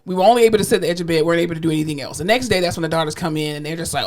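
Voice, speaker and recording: A woman's voice: very fast, few pauses. A woman co-hosting a podcast, telling patient stories in casual chat, acting out the voices in her quotes and laughing often, candid and profane. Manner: animated, acts out quotes with big pitch jumps, laughs often. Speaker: podcast co-host, rehab therapist.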